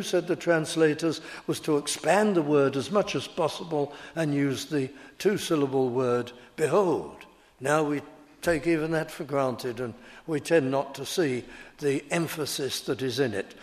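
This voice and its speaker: Man preaching slow and emphatic, bit higher voice, long echo of a big church. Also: darkish tone. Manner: emphatic, deliberate, leans hard on key words. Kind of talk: expository sermon. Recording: long reverb of a large hall.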